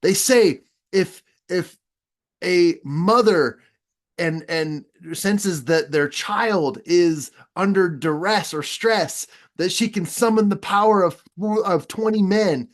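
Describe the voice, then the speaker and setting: A man's voice: sits high, slow, pitched above the performer's own voice. A man voicing a goofy male astronaut hero who is eager and urgent, in a comic way.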